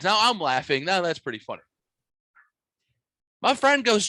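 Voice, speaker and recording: A man's voice: sits high, big pitch swings, normal speed, long pauses, sharp tone, dry recording. A man hosting a podcast, telling a story in casual chat with crude language and quoted voices. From Midwest United States. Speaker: podcast host.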